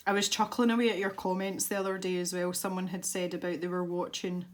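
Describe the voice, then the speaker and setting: A woman's voice: lowish voice, flat delivery, quick pace. Chatty Scottish woman colouring. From Scotland. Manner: chatty, rambling, self-interrupting with laughs. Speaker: art YouTuber. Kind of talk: casual chat while colouring.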